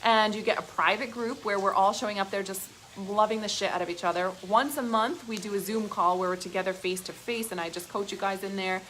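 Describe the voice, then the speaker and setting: A woman coaching her followers on a live stream, swearing freely and pressing every point hard. She sits at a middle pitch, talks in a gushing, excited rush broken by fillers, and a faint hum of noise lies under her voice. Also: a little fast, hardly any pauses, rough recording. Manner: emphatic and profane, with frequent fillers. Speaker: business coach. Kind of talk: live-stream pep talk.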